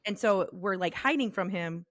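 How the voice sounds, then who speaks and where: A woman's voice: mid-range voice, normal speed, fairly bright tone, no room sound. Dry-sounding conversational woman co-host. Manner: conversational, frequent affirming interjections, paraphrases stories. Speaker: podcast co-host. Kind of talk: casual faith conversation.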